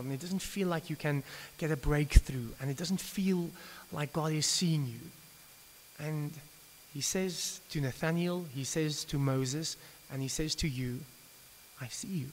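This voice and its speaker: A man's voice: a little high, a little mellow. A man preaching an evening sermon, talking conversationally and often stumbling and restarting his sentences. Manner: conversational, with frequent stammered restarts. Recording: reverberant hall with faint hiss.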